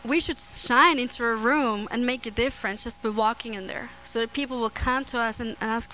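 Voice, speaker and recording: A woman preaching a sermon on scripture, earnest and prone to restarts and soft laughter. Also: a little high, steady tone, fairly quick, hardly any pauses, slight background noise, low-quality recording.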